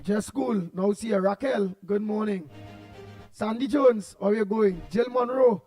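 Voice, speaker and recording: A man's voice: high voice, a little slow, faint music behind, poor audio. A man with a Trinidadian accent hosting a morning call-in show, passionately greeting listeners by name and reading out comments in a raised voice he tries to hold down. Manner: passionate, loud, says he will drop his voice. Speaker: radio show host.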